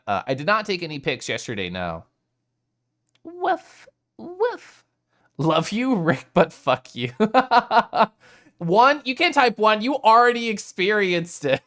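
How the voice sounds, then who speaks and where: Chatting with his viewers during a live stream, this man speaks in a fairly high pitch. His manner is casual and animated, with the occasional curse word.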